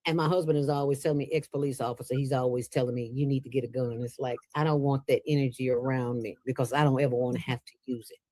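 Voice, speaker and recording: A woman's voice: extremely low pitch, steady tone, quick pace, hardly any pauses, warm tone, dry recording. A woman who founded a nonprofit, speaking as an interview guest and telling stories in a colloquial, emphatic way with lots of quoted dialogue. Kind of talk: casual storytelling interview.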